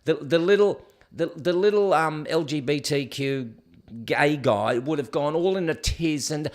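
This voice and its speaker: A man's voice: a little high, measured pace. A man hosting a solo commentary show, reading news items aloud and mocking them in a sarcastic, ranting way. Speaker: host.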